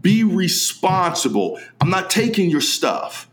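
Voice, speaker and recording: A man co-hosting a podcast, talking in an emphatic, animated way and acting out quoted dialogue as he tells stories. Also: sits high, slow pace. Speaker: podcast co-host. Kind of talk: casual podcast chat.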